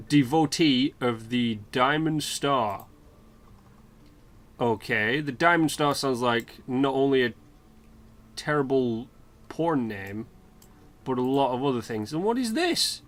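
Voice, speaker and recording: A British man hosting a let's play, rambling chattily and swearing freely while commenting on the game. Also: mid-range voice. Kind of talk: casual gameplay commentary.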